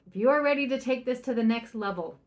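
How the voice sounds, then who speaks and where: A woman's voice: on the high side, expressive, quick pace. Chatty upbeat woman parenting coach. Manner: chatty, upbeat, keeps asking "right?", acts out soft quoted lines. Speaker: parenting coach and podcast host. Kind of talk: solo podcast advice.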